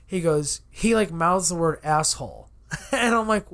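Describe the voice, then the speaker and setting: Chatty podcast dude, kinda high voice, telling stories and swearing a bunch, dry sound. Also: male voice, lively intonation, a little slow, a bit bright, no echo. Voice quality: swears freely. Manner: rambling storyteller, acts out customers in quotes. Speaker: podcast co-host. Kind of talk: casual chat.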